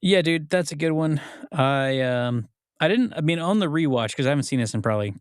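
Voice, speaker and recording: A man co-hosting a casual movie podcast, rambling with lots of fillers and acting out scenes in quick voices. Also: fairly high pitch, lively intonation, clear, resonant tone, no room sound, studio quality. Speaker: podcast co-host.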